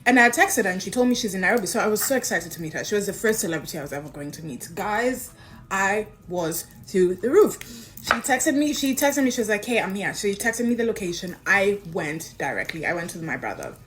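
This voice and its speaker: A woman telling a personal story in a casual way, acting out the lines of the people she quotes. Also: a little fast. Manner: animated, acts out quoted dialogue with big pitch jumps. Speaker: guest recounting a personal story.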